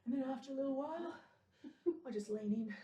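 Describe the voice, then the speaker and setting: A woman's voice: high-pitched, fast, dark tone. A middle-aged woman performing a chatty, self-deprecating stand-up monologue on a live stage, laughing often at her own jokes. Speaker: stand-up comedian. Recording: roomy, from a distance.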